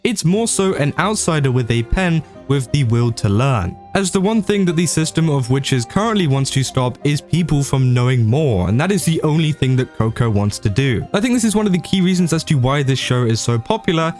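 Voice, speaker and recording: A man's voice: a little high, animated, a little fast, few pauses, a little mellow, soft background music. A man presenting an anime video essay in a casual, conversational manner, with frequent fillers.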